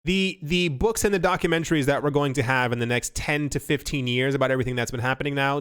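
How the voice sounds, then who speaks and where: A man's voice: mid-range voice, fast talker, fairly bright tone, clear, resonant tone. A man hosting a casual crypto news commentary, rambling and restarting his sentences often. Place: home recording setup. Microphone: studio mic.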